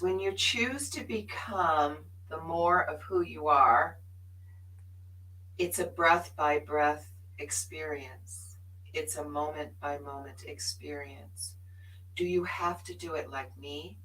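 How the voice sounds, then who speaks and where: A woman's voice: sits low, slow, a bit bright, recorded from a distance, rough recording. A woman co-hosting a spiritual live show, sharing her journey in an earnest, emphatic way. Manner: earnest and emphatic, laughs often.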